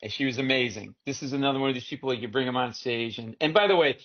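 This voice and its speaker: A man who is a comedian guest, telling comic stories in an animated, rapid way with frequent "right?" asides. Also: medium pitch. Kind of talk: comic storytelling. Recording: dull lo-fi sound.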